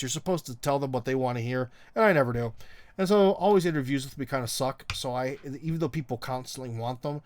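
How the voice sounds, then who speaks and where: A middle-aged man hosts a casual live stream, answering viewer comments off the cuff. His delivery rambles and wanders, thick with ums and uhs, and has a wry, teasing edge. The voice sits at an ordinary male pitch and sounds dry and close. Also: fast talker, darkish tone, dry recording.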